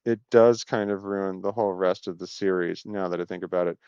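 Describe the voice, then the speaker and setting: A man with a smooth, resonant voice talks in a loose, meandering monologue, often breaking off mid-thought with wry asides. The sound is dry and close, with no room around it, and the recording is dull and lo-fi. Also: low-pitched, fairly even intonation, fairly quick, a little mellow, no room sound. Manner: meandering, self-interrupting, wry. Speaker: video host. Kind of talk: casual rambling monologue.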